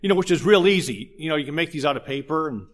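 A man preaching a sermon, telling stories in an animated way and joking with the congregation. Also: fairly high pitch, quick pace. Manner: animated storytelling with jokes to the congregation. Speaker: pastor.

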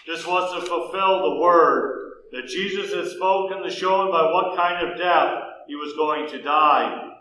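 Man, scripture narration, high voice, solemn and steady, very echoey room. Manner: steady, solemn, measured reading. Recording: very echoey room, faint noise.

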